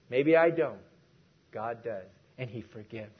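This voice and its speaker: A man's voice: mid-range voice, unhurried, slightly rough, dull audio. A man preaching a sermon in a church, emphatic and repeating key phrases for stress.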